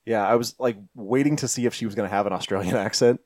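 A man co-hosting a podcast, chiming in with quick questions and reactions. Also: on the low side, steady tone, a little mellow, dry recording. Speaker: podcast co-host. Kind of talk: casual podcast chat.

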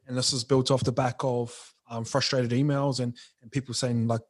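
A man's voice: mid-range voice, little pitch movement, brisk, hardly any pauses. A young man talks as a podcast guest about running his clothing brand. His speech is loose and slangy, packed with fillers. He is frank and unpolished in manner. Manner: slangy, frank, says bro and like often. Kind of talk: casual podcast interview.

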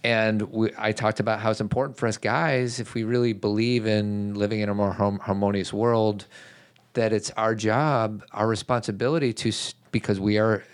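A man co-hosting a talk show, speaking earnestly and slowing down on his key points. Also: on the low side, steady tone. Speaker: podcast co-host. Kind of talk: casual conversational chat.

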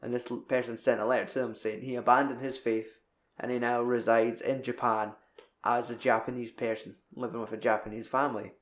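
A man's voice: mid-range voice, little pitch movement, fairly quick. A young man in casual chat, recapping a film in a rambling, sweary way. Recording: echoey room.

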